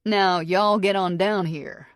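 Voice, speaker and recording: A woman voicing a gentle, teasing male bartender who speaks softly with a Texan accent. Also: high voice, steady tone, takes it slowly, clean tone, no room sound, clean studio sound, pitched above the performer's own voice. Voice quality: soft voice.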